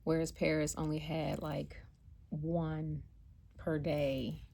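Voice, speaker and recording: An American woman telling a personal travel story in a chatty, animated way, acting out what people said. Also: deep voice, takes it slowly, gravelly. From United States. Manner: chatty, animated, acts out quotes. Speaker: vlogger and spiritual card reader. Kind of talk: casual storytelling.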